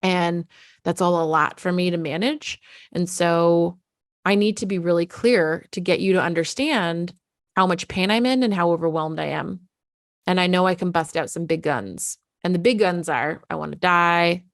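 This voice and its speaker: A woman's voice: lowish voice, normal speed, no echo, clean studio sound. A middle-aged woman talking candidly to parents as a parenting coach, casual and frank, swearing freely.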